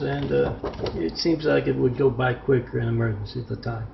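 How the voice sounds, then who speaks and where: A man's voice: mid-range voice, fairly quick, creaky. A man delivering a rambling, repetitive ranting monologue on a home video, with frequent hesitations. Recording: roomy dull lo-fi recording with faint noise.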